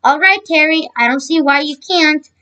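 A cheerful, encouraging schoolteacher from a children's book, put on by a woman reading aloud. Her voice sits high and lifts brightly when she praises the class, with the odd slip and restart. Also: normal speed, dull audio. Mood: upbeat. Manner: reads with slips and restarts.

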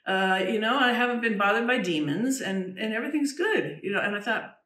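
Woman, interview guest. Earnest, halting storyteller who restarts her sentences and drops to a hush in the eerie parts. Mic is set back, with a roomy echo. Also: medium pitch, animated, distant mic. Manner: earnest, halting, with many restarts and "you know"; drops to a hushed voice when recounting the eerie moments. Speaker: trance channel medium, interview guest.

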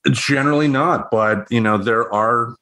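A middle-aged man co-hosting a podcast, speaking casually in a halting way with many restarts and fillers. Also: medium pitch, sharp tone. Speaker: podcast co-host.

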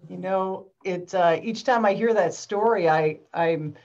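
A woman's voice: fairly low pitch, unhurried, darkish tone. Hesitant woman on a dull call. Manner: hesitant, reflective, with restarts. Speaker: doctor and guest author.

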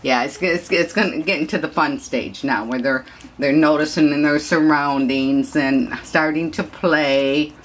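A woman's voice: sits low, unhurried, a little hiss or hum. A woman dog breeder chatting casually in a home video, rambling and cooing at puppies.

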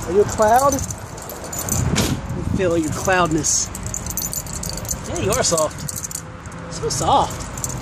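A woman vlogging casually at home, switching to high sing-song baby talk with her dog. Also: animated, slow, pauses often, noisy background.

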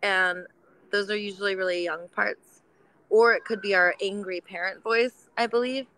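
A woman speaking in a gentle, nurturing tone during an intimate heart-to-heart conversation. She talks loosely, with plenty of "like" and "you know" fillers, and sounds protective and reassuring. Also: medium pitch, steady tone, normal speed, low-quality recording. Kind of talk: supportive heart-to-heart chat.

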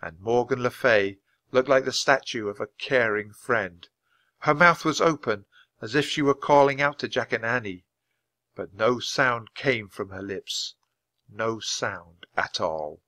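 A man reading a children's storybook aloud at a steady, clear pace for English learners. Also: medium pitch, measured pace, dry recording. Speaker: storybook reader. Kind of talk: scripted narration for English learners.

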